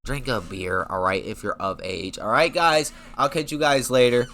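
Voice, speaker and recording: Hyped, profane young man with a bright voice. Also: medium pitch, moderate pace, a little hiss or hum. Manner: hyped, profane, rambling and jokey. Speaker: MMA commentary YouTuber. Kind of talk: casual fight-talk vlog.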